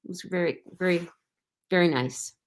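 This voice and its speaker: A middle-aged actress recalling her time on a show in a relaxed interview, rambling with many fillers and restarts. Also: fairly low pitch, normal speed. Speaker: actress guest. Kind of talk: casual interview anecdotes.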